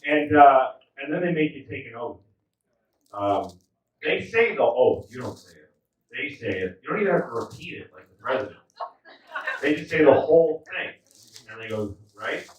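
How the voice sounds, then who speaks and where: A man doing a stand-up set of new material, rambling and offhand, often letting lines trail off quietly. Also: mid-range voice, sing-song, moderate pace. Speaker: stand-up comedian. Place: comedy club stage. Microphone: venue recording from far off. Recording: roomy, distant, noisy club recording.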